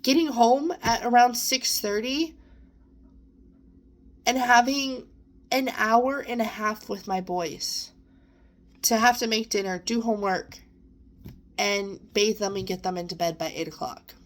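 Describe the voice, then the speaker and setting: This young woman's voice is fairly high and a little slow, marked by long pauses. In her personal vlog she earnestly cheers on both herself and her listeners, her emotion occasionally bringing her near tears.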